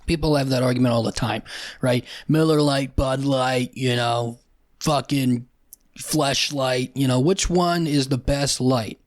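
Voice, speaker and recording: A man's voice: medium pitch, a little slow, no room sound, clean studio sound. A young man hosting a solo comedy podcast, ranting with profanity and sarcasm and often restarting his sentences. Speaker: podcast host.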